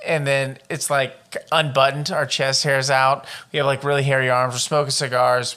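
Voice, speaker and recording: A man's voice: mid-range voice, little pitch movement, normal speed, few pauses, bright, forceful tone, clear, resonant tone. A man co-hosting a podcast, reading out a true-crime case in casual chat with profane, joking asides. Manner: profane and joking, wanders off into riffs. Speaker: podcast co-host.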